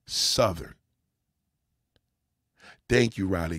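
A man's voice: medium pitch, a little slow, pauses often, dry recording, studio quality. Emphatic New York man ranting. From New York City. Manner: animated, emphatic, addresses viewers directly. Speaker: livestream host. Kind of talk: opinionated livestream rant.

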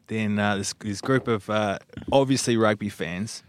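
A man's voice: lowish voice, steady tone, a little fast, hardly any pauses, dry recording. A male podcast host interviewing a guest in a studio, teasing him with leading questions and chuckling along. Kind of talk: casual banter interview.

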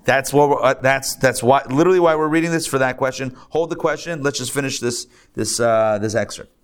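A man, a rabbi, teaching a live class in a conversational, lively way, asking rhetorical questions and adding asides. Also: medium pitch, fairly quick, clean tone. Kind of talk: live lecture to a group. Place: live class in a synagogue learning center.

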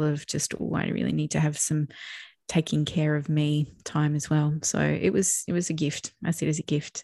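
A woman's voice: sits low, no room sound, studio quality. A middle-aged woman, co-hosting a podcast and talking candidly and reflectively about her feelings. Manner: warm, reflective, open about feelings, laughs often. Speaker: podcast co-host. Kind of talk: casual chat.

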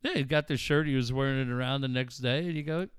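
A man's voice: mid-range voice, fast, clean tone, dry recording, clean studio sound. A middle-aged man hosting a podcast, telling stories in a blunt, profane, heated way. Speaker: podcast host. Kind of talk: casual storytelling chat.

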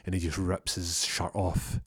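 Husky man telling a comic story. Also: low-pitched, moderate pace, dry recording, studio quality. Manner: lively, acts out voices and sound effects.

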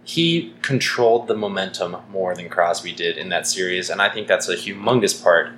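A Canadian man with a lowish voice co-hosts a casual podcast chat, making firm points with dry jokes and frequent ums. The room is echoey, with a faint hiss behind him. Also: lively intonation, moderate pace, a bit bright. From Saskatchewan, Canada. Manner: opinionated, dry jokey, many ums. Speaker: podcast co-host.

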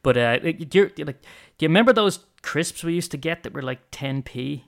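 Man, co-host, from Ireland, rambling casual chat, slightly higher voice. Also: a little fast, creaky. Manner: rambling, animated storyteller. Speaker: podcast co-host.

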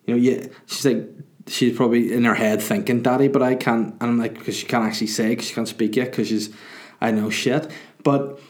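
A man's voice: mid-range voice, steady tone, brisk. A man talks through his podcast in a loose, casual monologue. He rambles and mocks himself, with plenty of fillers and restarts. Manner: rambling and self-mocking, with many fillers. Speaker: podcast host and comedian.

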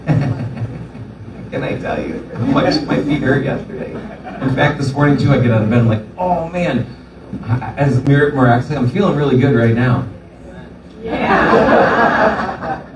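Animated preacher with an echoey sound. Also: male voice, medium pitch, noisy background. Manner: animated storytelling with voiced asides. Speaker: pastor. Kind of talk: sermon. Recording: echoey room from far off.

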